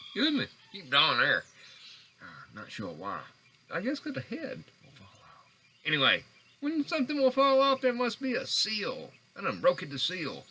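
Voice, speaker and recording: A man rambles into a small recorder, losing his thread and restarting over and over. His voice sits high and bright, leaping up and down as he talks. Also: slight background noise, rough recording. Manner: meandering, stammering, frequent restarts and self-corrections. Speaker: vlogger. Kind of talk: rambling monologue. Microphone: handheld recorder.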